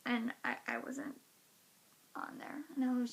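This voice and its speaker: A woman with a high voice tells a story to her camera in a casual vlog. She is animated and acts out each reaction, scattering "like" through her sentences. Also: unhurried, vocal fry. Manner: animated, acting out reactions, lots of "like". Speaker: vlogger.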